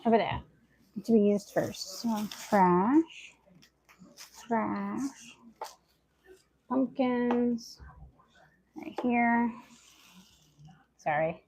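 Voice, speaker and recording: Chatty woman with a gravelly voice. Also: a little high, extremely slow, long pauses, warm tone. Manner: chatty, talks aloud to herself and viewers while working. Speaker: homestead lifestyle vlogger. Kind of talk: casual chat to camera while doing chores. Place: at home, indoors.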